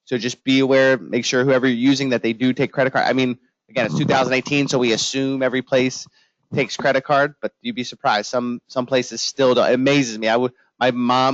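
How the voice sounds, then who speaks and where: Lively man telling inspection stories. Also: mid-range voice, quick pace, no echo. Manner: animated storytelling, acts out his own panicked reactions. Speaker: guest home inspector. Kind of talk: informal training talk with anecdotes. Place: office training room. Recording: dull lo-fi room recording.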